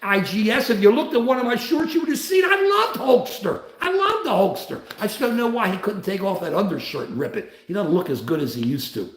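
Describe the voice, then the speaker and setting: A man's voice: high-pitched, sing-song, a little fast, hardly any pauses, echoey room. A man hosting a casual livestream, talking in a worked-up way and reading out viewer comments. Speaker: livestream host.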